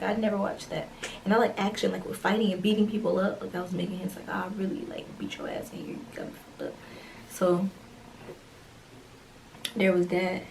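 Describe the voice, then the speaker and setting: A young woman vlogger telling a storytime tale casually, acting out the dialogue with slangy, animated delivery. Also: medium pitch, gravelly, recorded from a distance, slight background noise, poor audio.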